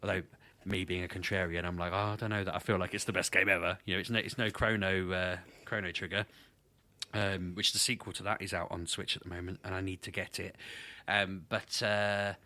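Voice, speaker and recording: A man's voice: low voice, flat delivery, brisk, sharp tone. A man co-hosting a games podcast, telling rambling self-mocking stories in casual chat. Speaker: podcast co-host.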